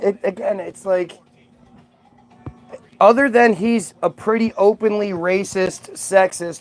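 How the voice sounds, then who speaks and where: A man's voice: sits high, a little mellow. A man delivering a casual, profane, sarcastic vlog rant in an exasperated manner. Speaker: vlogger. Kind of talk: casual ranting monologue.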